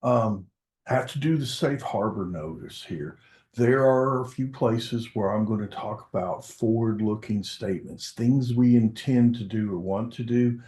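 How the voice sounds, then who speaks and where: A man with a low, mellow voice runs a corporate webinar. He talks in a relaxed, conversational way and leans on frequent "um"s. The sound is roomy, with a noticeable echo around him. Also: measured pace. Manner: casual and conversational, many "um" fillers. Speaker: webinar presenter, product success manager.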